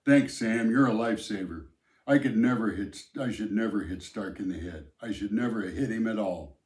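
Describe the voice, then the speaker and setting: A man's voice: lowish voice, moderate pace, darkish tone, lightly acted. A man reading the part of an injured teenage boy who sounds weak and pleading. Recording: roomy echo.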